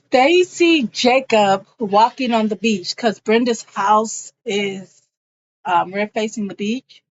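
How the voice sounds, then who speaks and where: A woman's voice: mid-range voice, slight background noise. A woman giving a chatty, slangy, casual recap of a TV episode. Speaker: show recapper. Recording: dull lo-fi recording.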